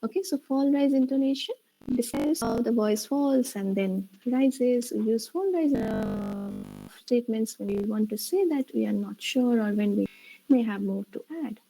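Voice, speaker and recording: Woman, teacher, explanatory, fairly high voice, gravelly. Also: moderate pace, mellow, soft background music, poor audio. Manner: explanatory, repeats "okay" and "right". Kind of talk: online spoken English lesson.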